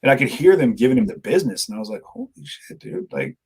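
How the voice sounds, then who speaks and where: Fast rambly guy telling stories, husky voice, keeps quoting people. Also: mid-range voice, big pitch swings, darkish tone. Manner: rambling storytelling, quotes himself and others. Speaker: live-streamer guest. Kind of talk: casual conversation.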